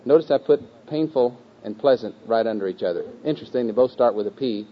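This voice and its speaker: Guy leading a group through memorizing a bible verse, says each phrase slow and over again, kinda muffled old recording. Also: medium pitch, slight background noise. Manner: patient, repetitive, slow chanting of phrases with a group. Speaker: teacher leading scripture memorization. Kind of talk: group teaching session. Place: room with a live group. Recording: dull lo-fi recording.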